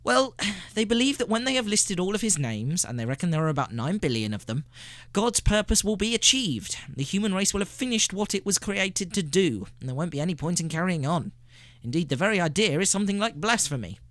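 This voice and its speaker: An anxious, talkative engineer in a storybook, read by a man who raises his voice a little for him. The speech is urgent and bounces around in pitch, and the sound is very dry and close. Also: brisk, no room sound. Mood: worried. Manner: urgent, animated delivery. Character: uneasy, talkative male computer engineer.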